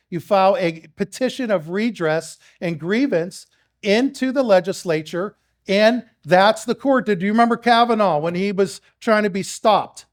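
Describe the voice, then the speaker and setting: A man speaking to a live audience, telling rambling stories, acting out exchanges with others, and putting questions to the crowd. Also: sits high. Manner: storytelling, acts out quoted exchanges; rambling with restarts, addresses the crowd. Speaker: speaker at a public meeting.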